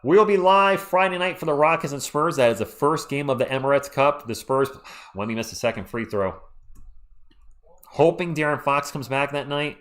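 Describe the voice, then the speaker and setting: A man, hoarse and losing his voice, doing fan play-by-play on a live stream and ranting about referee calls. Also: on the high side, normal speed, a bit bright.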